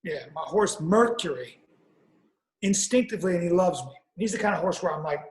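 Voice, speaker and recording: A man's voice: high-pitched, expressive, brisk, echoey room, noisy background. A man telling a rambling, profane comic story on a podcast, with frequent restarts. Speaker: podcast guest or co-host.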